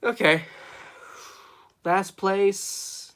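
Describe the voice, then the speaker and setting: A man's voice: on the high side, animated, moderate pace, long pauses, bright, forceful tone. Rambling male streamer chatting casually. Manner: rambling, lots of fillers, reads chat aloud. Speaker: streamer host. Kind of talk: casual live-stream chat.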